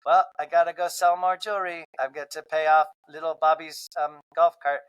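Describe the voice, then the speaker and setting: A man's voice: a little high, fairly even intonation, a little fast, fairly bright tone, clean tone, natural voice, poor audio. A man doing a chirpy, salesy woman hostess.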